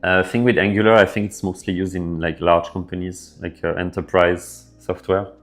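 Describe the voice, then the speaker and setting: A man with a French accent, hosting a casual developer livestream and answering viewer questions in a relaxed way with lots of fillers. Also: sits low, normal speed. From France. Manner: relaxed, filler-heavy, thinking aloud. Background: faint background music.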